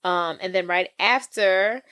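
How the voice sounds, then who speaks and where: A woman's voice: medium pitch, takes it slowly, smooth, dry recording. Chatty podcast co-host woman. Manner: animated, slangy storytelling with acted quotes. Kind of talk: casual movie recap chat.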